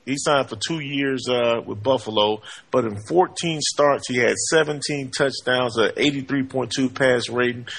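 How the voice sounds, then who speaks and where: A man hosting a sports talk show, energetic, with lots of "hey, man" and "uh" between points. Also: mid-range voice, normal speed, vocal fry, hardly any pauses. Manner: energetic, frequent fillers and 'hey, man'.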